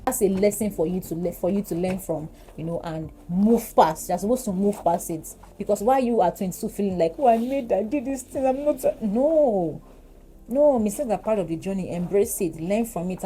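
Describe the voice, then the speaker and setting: A woman in her twenties with a Nigerian English accent, chatting while doing her makeup, animated and giggly. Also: lowish voice, brisk, hardly any pauses, slight background noise, low-quality recording. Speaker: beauty vlogger. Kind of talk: casual get-ready-with-me chat.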